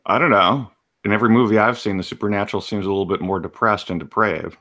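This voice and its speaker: A man's voice: lowish voice, quick pace, sharp tone. A man in a casual livestream chat, dry and skeptical in how he talks.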